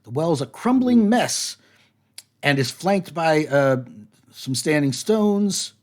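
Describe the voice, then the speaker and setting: A man narrating as game master of a tabletop game, slow and hesitant with many fillers. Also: a little high, sing-song, darkish tone.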